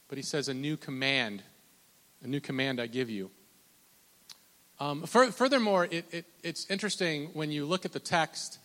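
Man preaching, bright ringing voice, rambling and animated, long hall reverb. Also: on the high side. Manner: conversational, rambling, frequent restarts and fillers; animated, pushes loud on emphasis, drawn-out slow scripture quotes. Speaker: pastor. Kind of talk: sermon.

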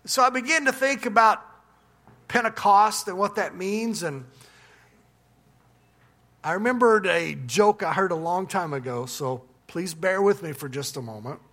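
A man preaching as pastor, in a relaxed storytelling manner with restarts and asides. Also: sits high, measured pace, long pauses. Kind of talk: sermon with a told joke. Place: church.

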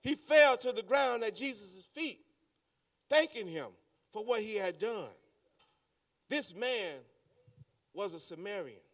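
Male pastor, sermon, repeats phrases, unhurried delivery, distant mic in a church. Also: high-pitched, animated, fairly bright tone, dry recording.

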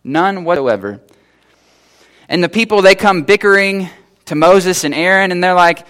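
A man's voice: high-pitched, expressive, moderate pace, long pauses, a bit bright, smooth. A man preaching a sermon in a conversational way, retelling scripture and acting out the people in it in casual voices. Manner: conversational, acts out biblical figures in casual voices. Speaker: pastor.

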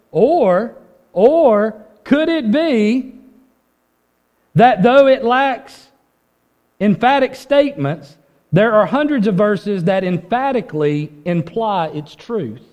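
A man preaching a sermon as pastor, urgent and conversational, dropping low then rising with force. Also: a little mellow, big-room sound. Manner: urgent, conversational preaching with dramatic drops and rises.

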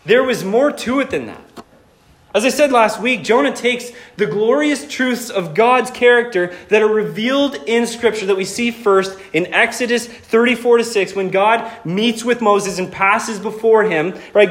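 A male pastor delivers a sermon in a high, bright speaking voice. He talks to the congregation in a casual, conversational way and slips in jokes as he goes. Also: normal speed. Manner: animated, conversational, joking.

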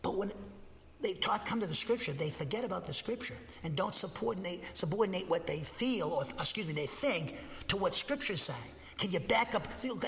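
A man preaching a sermon from a pulpit, emphatic and dogmatic, getting excited and speaking with conviction. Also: sits high. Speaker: pastor. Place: church. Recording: long hall reverb.

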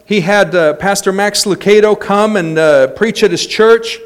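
A man with a slightly high voice preaching a sermon. He tells stories at a conversational pace, then rises to loud, ringing exclamations. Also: expressive, moderate pace, hardly any pauses. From United States. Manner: storytelling, building to loud exclamations. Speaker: pastor.

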